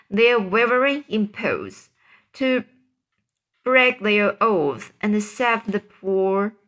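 A woman's voice: medium pitch, a bit bright. A woman reading a classic novel aloud, stumbling and restarting on hard words. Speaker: reader.

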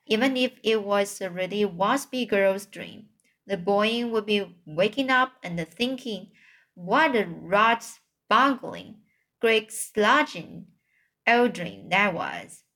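A woman voicing a huge, kindly old male giant who speaks slowly in jumbled grammar. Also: medium pitch, lively intonation, full character voice. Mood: gentle. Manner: slow, gentle, jumbled grammar.

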